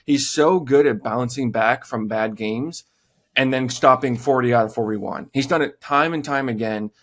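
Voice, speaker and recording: A man co-hosting a hockey podcast talks through playoff goaltending in a measured, conversational tone. His voice sits at an ordinary middle pitch. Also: a bit bright. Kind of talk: casual sports chat.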